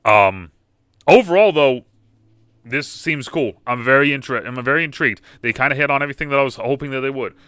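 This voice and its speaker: A man's voice: mid-range voice, quick pace, few pauses, pushed and bright, clean tone, dry recording, clean studio sound. A young man in casual reaction commentary as a gaming video host, rambling with fillers and restarts. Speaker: gaming YouTuber reacting to a game panel.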